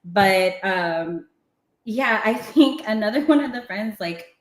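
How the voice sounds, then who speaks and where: A woman's voice: medium pitch, takes it slowly, roomy sound. A woman telling a story in casual chat, laughing often and acting out what people said. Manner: animated, laughing, acting out quotes. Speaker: podcast guest.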